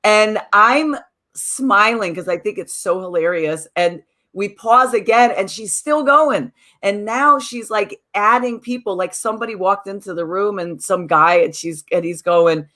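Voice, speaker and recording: A woman's voice: medium pitch, normal speed, fairly bright tone. A woman co-hosting a podcast and teacher of mindfulness workshops, telling a story in casual chat and acting out the people she quotes.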